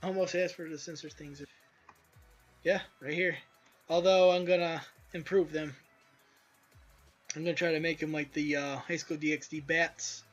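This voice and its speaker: A man with a high, light voice talks through gameplay in a loose, rambling way, tossing in crude asides as he goes. The audio is a bit dull and lo-fi, with faint music underneath. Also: steady tone, moderate pace, pauses often. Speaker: indie game developer. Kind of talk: casual gameplay commentary.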